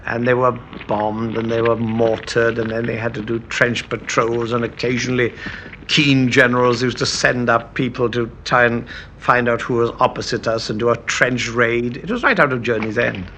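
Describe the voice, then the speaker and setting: A man's voice: mid-range voice, fairly even intonation, moderate pace, bright, forceful tone, slight background noise. An older male veteran reminiscing in an interview, wry and articulate.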